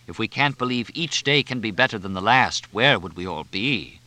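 A man voicing a sarcastic, haughty waiter with arch, drawn-out, mock-formal delivery. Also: on the low side, animated, sharp tone, no room sound.

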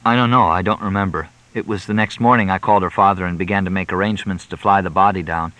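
A man giving voice to a young clerk worn down by grief and bitterness. He answers in short, flat replies, and the voice sits low and bright in a dry, close space. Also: quick pace, dry recording, low-quality recording. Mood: flat, weary.

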